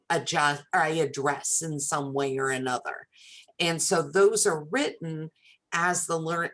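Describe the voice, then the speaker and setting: A woman with a low voice talks over a video call in a faculty workshop. She thinks through her point earnestly and ends by questioning the group. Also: a bit bright. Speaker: occupational therapy instructor. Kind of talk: online faculty workshop discussion.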